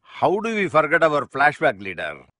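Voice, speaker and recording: A man's voice: on the high side, wildly swooping pitch, moderate pace, sharp tone, no room sound, exaggerated voice. A man dubbing a brash, boastful upstart politician in a movie, mocking and swaggering. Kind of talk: movie dub. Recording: dry dub with faint music.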